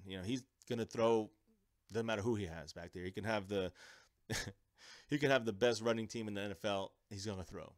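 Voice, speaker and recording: A man's voice: medium pitch, no echo. Ranting male sports fan host, dry sound. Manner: animated, ranting, repeats and restarts words. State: under the weather. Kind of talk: live-stream sports rant.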